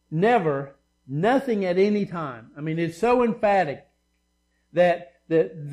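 Male pastor, higher-pitched, emphatic sermon delivery with conversational asides. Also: darkish tone. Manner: emphatic, repetitive preaching with asides.

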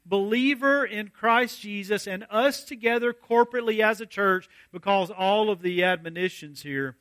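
Male pastor, bright high voice, dry close mic, measured expository preaching. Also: no room sound. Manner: measured, deliberate, slows to stress key phrases. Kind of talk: expository sermon reading scripture.

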